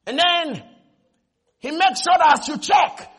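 Male preacher, very high bright voice, animated sermon, shouts at peaks, call-and-response. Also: unhurried.

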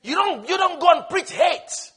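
A man preaching a sermon, impassioned and repetitive, swinging between shouting and hushed tones. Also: very high-pitched, animated, moderate pace.

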